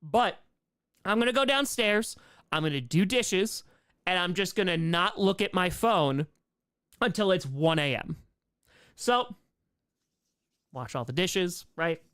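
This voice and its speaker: Smooth-voiced man telling a rambling story. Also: high-pitched, slow, long pauses. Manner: rambling, excitable retelling with quoted asides. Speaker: comedy streamer and host. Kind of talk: casual storytelling on a live Q&A stream.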